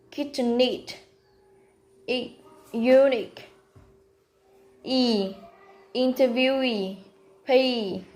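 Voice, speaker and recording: A woman whose first language is Vietnamese, reading a prepared class presentation slowly and carefully, pausing between words. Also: on the high side, a little mellow, poor audio. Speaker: student presenter.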